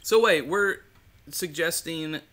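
A man's voice: a little high, slow, fairly bright tone. A man co-hosting a bourbon tasting show, joking around on a live stream and slipping into impressions. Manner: playful, jokey, slips into impressions. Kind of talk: casual live-stream chat.

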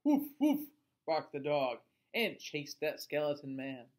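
Slow, expressive teacher reading aloud. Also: male voice, a little high. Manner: expressive, asks listeners questions. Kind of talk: children's picture book read-aloud.

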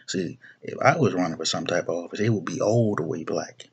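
A young video blogger delivers a brisk political rant to camera, his voice sitting low with a breathy edge. He's blunt and profane, often repeating himself and restarting what he says.

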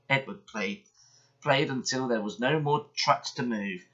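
A man reading a children's bedtime story aloud in a gentle, expressive way. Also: mid-range voice, measured pace. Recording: dull lo-fi sound.

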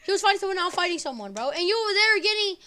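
Loud trash-talking woman gamer. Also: very high-pitched, sing-song, rapid-fire. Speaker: gamer streaming with teammates. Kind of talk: live game-stream chatter. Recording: noisy stream audio.

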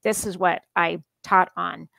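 A woman guest on a podcast, talking in an animated, earnest way and laughing often. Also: on the low side, unhurried, vocal fry, dry recording. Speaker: podcast guest, psychologist and author. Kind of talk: casual conversational interview.

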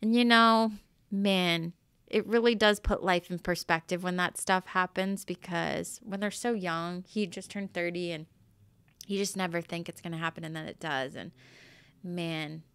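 A woman's voice: lowish voice, fairly even intonation, measured pace, a bit bright, clear, resonant tone, dry recording. A woman with a Boston accent, a yoga and breathwork teacher talking as a guest in a casual interview. She speaks candidly, rambles a little and swears freely.

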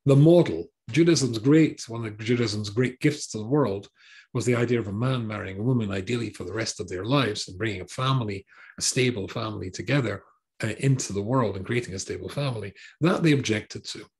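A man's voice: on the low side, a little fast, darkish tone. A man teaching a Torah class as a rabbi, translating line by line with wry, sarcastic asides and hesitant restarts.

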